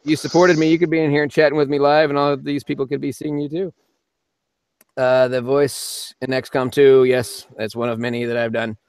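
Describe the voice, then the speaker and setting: A male voice actor hosting a casual live-stream Q&A. He is chatty and joking, answers chat questions quickly and laughs often from his home studio. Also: medium pitch, flat delivery, a little mellow, smooth, no echo.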